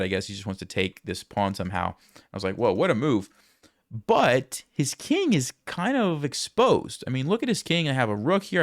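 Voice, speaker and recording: A man reviewing one of his own chess games for viewers, thinking aloud in a relaxed, conversational way and speaking to the audience directly. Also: medium pitch, no echo, studio quality. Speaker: chess content creator reviewing his game. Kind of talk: casual game analysis commentary.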